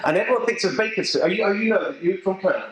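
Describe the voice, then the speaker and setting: A middle-aged man with an English accent speaks to a live audience, emphatic and animated, cracking jokes as he goes. His voice sits a little high for a man. The room rings with a heavy echo. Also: quick pace, heavy background noise. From England. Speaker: political speaker. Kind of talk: speech to a local political group. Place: event venue with a live audience. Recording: echoey room.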